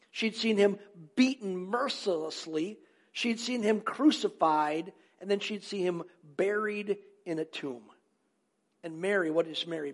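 A man preaching a sermon as a pastor, earnest, asking rhetorical questions and answering them himself, repeating key phrases for emphasis. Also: high-pitched.

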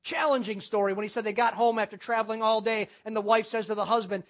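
A man's voice: sits high, steady tone, fast talker, hardly any pauses, a bit bright. A man preaching a sermon as pastor, using repetition and rhetorical questions.

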